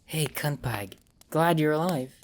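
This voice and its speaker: A crude, tough young woman talks in a hushed yet brash voice, as a male narrator puts her on. Her pitch sits clearly above his own. She blurts out her words in a quick, coarse rush. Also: expressive, a little hiss or hum, close to an everyday voice.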